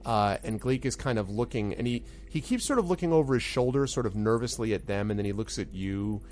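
A man's voice: fairly low pitch, lively intonation, fairly quick, darkish tone, a little hiss or hum. A man narrating a tabletop game as game master, rambling with lots of fillers.

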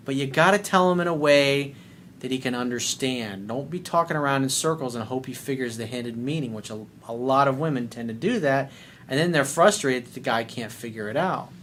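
A man's voice: medium pitch, brisk, a bit bright, slight background noise. A man hosting a dating advice video, talking bluntly and sarcastically, with casual swearing. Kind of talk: casual advice monologue reading viewer letter.

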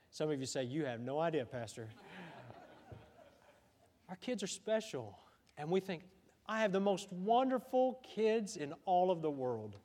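A high-pitched middle-aged male pastor preaching in a church sanctuary, his words trailing off into a long hall reverb. He talks conversationally, stumbling and restarting as he throws questions out to the congregation. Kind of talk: sermon.

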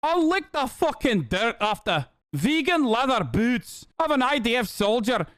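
A man putting on a mocking, high, sneering impression of a woman commentator in a put-on Scottish accent. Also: big pitch swings, measured pace, a bit bright, dry recording, studio quality, heavily acted.

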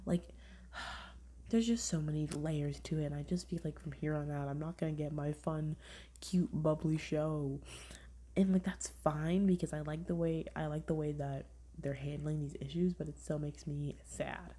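A woman's voice: low-pitched, moderate pace, breathy edge. A young woman hosting a podcast, chatting casually in a rambling way with lots of "like", often dropping to a half-whisper. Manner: rambling, heavy use of "like", animated retelling. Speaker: podcast host. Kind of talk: casual review chat.

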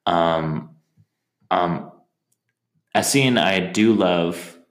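A man with a low voice talks through his favorite film scenes in a loose, halting way. He stumbles, restarts and jumps into high-pitched impressions. The room sounds echoey around him. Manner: rambling, hesitant, acts out movie lines in high voices. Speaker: podcast co-host. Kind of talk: casual film chat.

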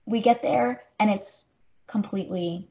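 A woman in her twenties co-hosts a podcast, casually telling a story and saying "like" constantly in a chatty way. Her voice is medium in pitch and warm, with vocal fry and a measured pace. The audio sounds dull.

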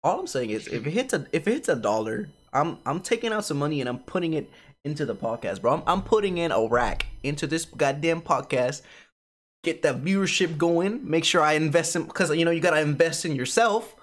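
A man's voice: on the high side, expressive, a little fast, a bit bright. A man hosting a casual podcast, rambling and joking, repeating himself often. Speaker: podcast host.

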